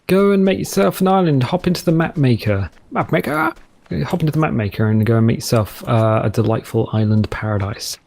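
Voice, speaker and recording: Husky-voiced British man playing a game. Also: mid-range voice, darkish tone. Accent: English. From Britain. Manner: rambling, playful, slips into mock pirate talk. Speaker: gameplay commentator. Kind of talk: casual let's-play commentary. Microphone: headset.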